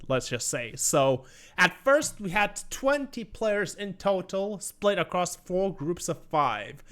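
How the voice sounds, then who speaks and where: A man casts an online game tournament and walks the listener through standings and rules. His voice sits a bit high for a man. His manner is explanatory, with the odd wry joke at his own expense. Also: a bit bright. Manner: explanatory, self-deprecating jokes. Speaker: esports caster. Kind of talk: tournament commentary.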